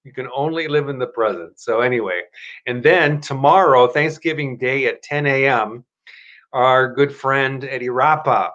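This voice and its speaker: A man hosting a live stream at his computer. He talks in a rambling, chatty way, corrects himself often, and shifts into a motivational pitch. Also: normal speed, a bit bright, lo-fi sound. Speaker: host of a live stream show. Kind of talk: casual live-stream talk and self-help pitch.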